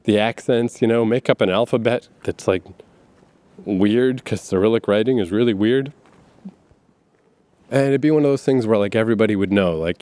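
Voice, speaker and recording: A man's voice: on the low side, moderate pace, pauses often, dark tone, no room sound. A man talking in a casual, rambling monologue, swearing freely and often laughing between his points. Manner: profane, laughs often, many fillers and asides.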